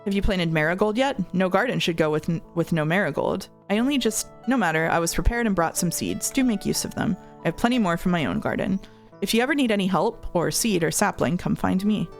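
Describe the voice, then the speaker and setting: A woman's voice: lowish voice, animated, fairly quick, soft background music. A woman streamer reading the lines of a blunt, scornful peasant gardener in a game. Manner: blunt, rustic speech.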